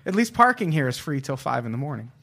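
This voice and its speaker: A man's voice: medium pitch, big pitch swings, fast talker, vocal fry, fairly bright tone, a little hiss or hum. A man co-hosting a podcast, trading wry, self-mocking banter in casual chat. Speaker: podcast co-host.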